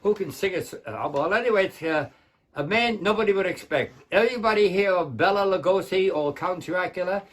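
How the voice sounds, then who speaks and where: Casting: older husky-voiced impressionist, fairly high for a man, rambling patter on a webcam. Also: lively intonation, a little fast, fairly bright tone. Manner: rambling, chatty, self-interrupting. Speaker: open mic comedian and impressionist. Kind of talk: open mic patter. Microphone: home webcam.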